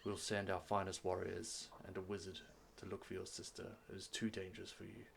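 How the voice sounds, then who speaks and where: A man voicing a stern older king who speaks in a quiet, measured, grave way. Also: deep voice, completely flat delivery, vocal fry, a little hiss or hum.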